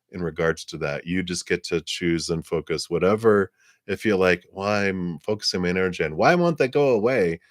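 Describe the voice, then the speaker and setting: A man hosting a live psychic reading stream, talking in a rambling, gentle way with frequent laughs and fillers. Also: deep voice, no echo, clean studio sound. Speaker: psychic reader.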